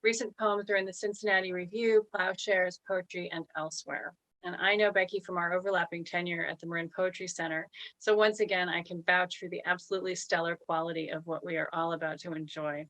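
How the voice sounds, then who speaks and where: A woman's voice: lowish voice, steady tone, brisk, fairly bright tone, rough recording. Woman host introducing a poet. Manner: reads out a list of credits, corrects a slip. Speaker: reading series host. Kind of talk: reading a speaker introduction. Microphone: video call.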